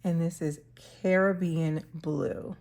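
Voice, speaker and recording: A woman hosting her stationery channel, casually chatting through an unboxing and pen demo with a slow, relaxed manner and soft laughs. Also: fairly low pitch.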